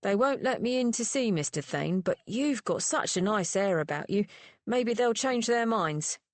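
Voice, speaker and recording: A woman voicing an eager, excited young gentleman in an audiobook. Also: medium pitch, moderate pace, no room sound, close to an everyday voice. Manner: excited and breathless.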